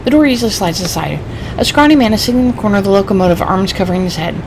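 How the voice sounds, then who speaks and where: A woman's voice: medium pitch, rapid-fire. A woman gamer reading a story game's narration aloud in a casual way. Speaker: let's-play gamer. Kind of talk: reading game text aloud. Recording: steady background noise.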